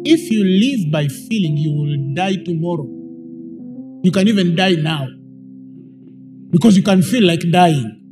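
A man preaches a sermon to a room full of people. His voice is strikingly high and very lively, and he builds emphatically into shouted, repeated lines. Music plays clearly behind him. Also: a little slow, long pauses. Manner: emphatic, rising to shouts, repetitive. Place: church hall with congregation.

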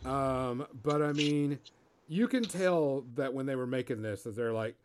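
A man's voice: medium pitch, measured pace, clear, resonant tone. A man co-hosting a casual movie podcast, easygoing and laid-back as he tells about a film. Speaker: podcast co-host. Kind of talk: casual movie review chat.

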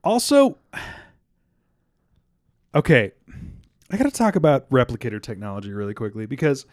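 A man's voice: medium pitch, huge pitch swings, moderate pace, a little mellow, dry recording, studio quality. A young man co-hosting a casual podcast chat, rambling, stumbling over words, laughing and swearing often. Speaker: podcast co-host.

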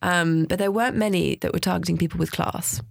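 A woman's voice: lowish voice, creaky, no echo. A woman, the founder of a dating agency, chatting animatedly in a studio interview. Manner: chatty and animated, quick asides, bursts of laughter. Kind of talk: casual interview chat. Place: small cosy studio.

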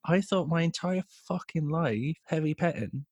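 A man's voice: a little high, moderate pace, a little hiss or hum. A man in his thirties chatting casually and telling stories with lots of swearing. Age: 30s. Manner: sweary, animated storytelling. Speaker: podcast co-host. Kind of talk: casual comedic chat.

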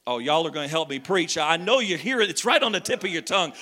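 A man preaching a lively sermon, telling a story with jokes and shouting at times. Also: fairly high pitch, fast talker.

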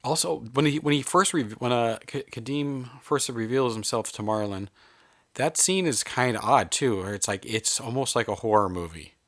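A man with a mid-range voice co-hosts a podcast, talking casually about a movie in a rambling, hesitant way. He speaks at a moderate pace, and the studio recording is clean with no room sound.

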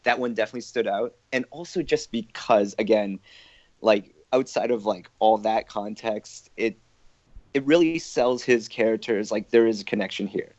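A man's voice: fairly low pitch, normal speed, a little mellow, no echo. Male host, casual chat, laughs a lot, muffled dry recording. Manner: chatty, laughs often, restarts phrases. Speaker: podcast host. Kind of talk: casual group discussion. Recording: dull, dry lo-fi audio.

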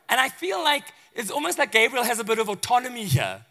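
A male pastor delivers a sermon with a high, bright voice. He talks to the congregation conversationally and animatedly, often acting out the people in his story. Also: a little fast, hardly any pauses, husky. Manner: conversational and animated, with acted asides.

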